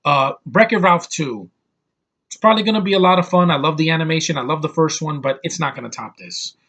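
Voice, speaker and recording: A man's voice: fairly high pitch, fairly quick, fairly bright tone. A young man giving a brash, over-the-top movie review, ranting and swearing as he talks.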